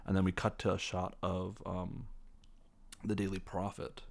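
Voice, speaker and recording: A man's voice: sits low, little pitch movement, normal speed, gravelly. A man hosting a podcast, casually retelling a film from memory in a rambling way, full of fillers and self-corrections. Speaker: podcast host.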